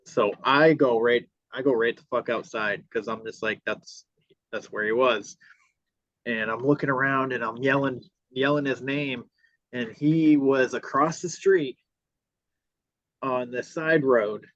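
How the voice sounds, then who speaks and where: A man tells a story on a podcast, swearing freely and slipping into the voices of the people in it. His pitch sits in an ordinary middle range. The recording is dry with no room echo, and slightly dull and lo-fi. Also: steady tone, a little slow, a bit bright. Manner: profane, re-enacts dialogue. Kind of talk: casual storytelling. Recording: dull lo-fi sound.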